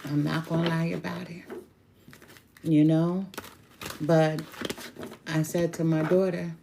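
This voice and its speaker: A woman's voice: deep voice, flat delivery, slow, gravelly, pauses often, background noise. A middle-aged woman tarot reader chatting casually and bluntly with viewers, with laughing asides. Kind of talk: casual spiritual chat to viewers.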